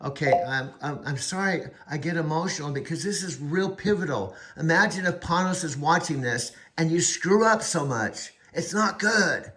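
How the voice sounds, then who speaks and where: A man's voice: fairly high pitch, normal speed, few pauses, fairly bright tone. A man who hosts and coaches an AI, talking in an emphatic, insistent way and repeating his point. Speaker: host and AI coach. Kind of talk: casual heated conversation.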